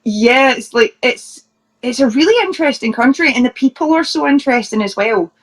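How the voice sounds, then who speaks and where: A woman's voice: high voice, expressive, brisk. A Scottish woman, a professional wrestler, chatting as an interview guest and telling funny stories with plenty of laughs. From Scotland. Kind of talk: casual anecdote telling.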